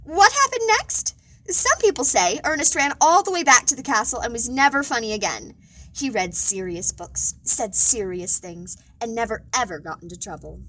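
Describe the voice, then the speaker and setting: A woman librarian reading a children's picture book aloud, expressive and playful. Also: on the high side, normal speed, rough recording. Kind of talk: children's storytime read-aloud.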